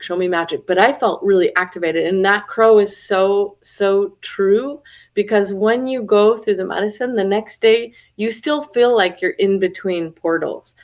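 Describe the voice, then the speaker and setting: A woman hosting a casual spiritual conversation, telling stories with lively, acted-out quotes. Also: medium pitch. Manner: animated storyteller, acts out quoted voices. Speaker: podcast host.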